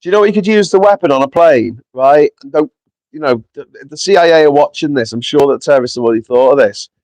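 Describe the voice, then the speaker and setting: A man's voice: fairly high pitch, fast talker, a little mellow, dry recording. A man hosting a casual live stream outdoors in the wind, chatty and sweary, reading viewers' comments aloud and short on sleep after a night of travel. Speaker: livestream host. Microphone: small clip-on mic with foam.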